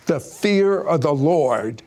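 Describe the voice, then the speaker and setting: A man hosting a talk show, asking questions in a halting way with frequent restarts. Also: on the high side, expressive, darkish tone, slight background noise. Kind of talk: casual interview talk.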